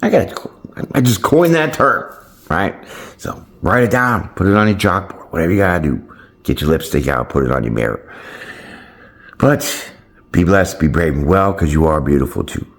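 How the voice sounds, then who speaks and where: A man's voice: sits low, big pitch swings, moderate pace. A man hosting his own channel, talking casually and encouragingly to his viewers. He speaks in loose, slangy language with some playful swearing, and keeps checking in with "right?" and "my friends.". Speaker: tarot channel host. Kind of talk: casual motivational chat to camera.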